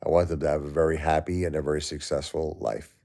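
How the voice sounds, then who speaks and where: A grieving middle-aged man hosting a casual livestream, weary and emotionally drained, talking to viewers with halting, repeated words. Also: very deep voice, flat delivery, dark tone. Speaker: livestream host.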